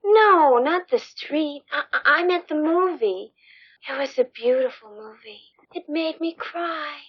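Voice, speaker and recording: A woman's voice: sits high, measured pace, lo-fi sound. An actress playing a lonely, unhinged woman who speaks plaintively and tearfully, wavering between sweet and menacing, in film dialogue. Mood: wistful.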